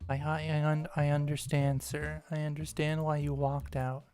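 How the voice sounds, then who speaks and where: A woman's voice: low-pitched, level tone, normal speed, a little mellow, soft background music. A woman giving casual gameplay commentary, rambling and ranting with exasperated swearing. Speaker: gaming streamer.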